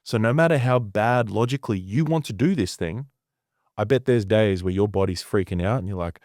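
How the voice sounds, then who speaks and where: A man's voice: fairly low pitch, animated, fairly quick, a little mellow, no echo, clean studio sound. A man who works as a coach, telling stories in a podcast conversation, intense and emphatic, with heavy swearing.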